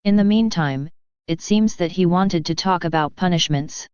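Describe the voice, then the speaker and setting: A woman reads a mystic's diary in an earnest, steady first-person voice. Her tone is low and very clear. The recording is dry and close, and a little muffled, like a lo-fi recording. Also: normal speed, dry recording. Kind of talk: devotional reading.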